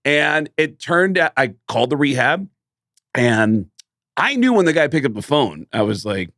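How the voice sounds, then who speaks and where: A man tells a long anecdote as a podcast guest, jumping in pitch as he acts out each quoted exchange. His voice sits at an ordinary male pitch and is recorded dry. He talks in a loose, casual way. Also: moderate pace, no echo. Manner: animated storyteller, acts out quoted dialogue. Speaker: comedian guest.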